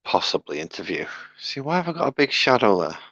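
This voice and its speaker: A man's voice: mid-range voice, very animated, brisk, a bit bright, slightly rough, dry recording, highs cut off. A man chatting casually on a live stream while he sets up his hobby gear, muttering to himself as he fiddles with things, on a wired headset. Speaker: streamer painting miniatures.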